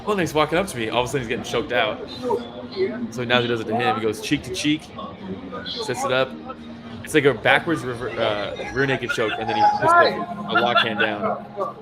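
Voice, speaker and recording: A man co-hosting a relaxed podcast about fights. He talks excitedly, laughs a lot and acts out what the fighters said. He swears casually as he breaks down each moment. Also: mid-range voice, brisk, long pauses, over a noisy crowd. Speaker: podcast co-host.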